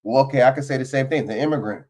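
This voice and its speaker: A livestream host speaks rapid-fire from a home studio, his medium-pitched voice dark in tone. He gives blunt, profane, casual political commentary and often asks "you know what I'm saying."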